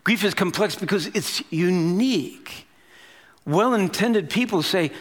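A pastor in his fifties giving a sermon, telling a story in a conversational, animated way with casual asides. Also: high voice, a little slow.

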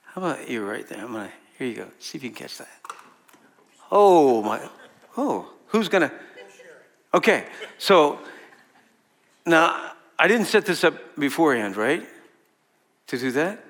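Very animated and fairly bright, a higher-voiced pastor preaches at a measured pace with frequent pauses. He talks with the room conversationally, asking questions and laughing often.

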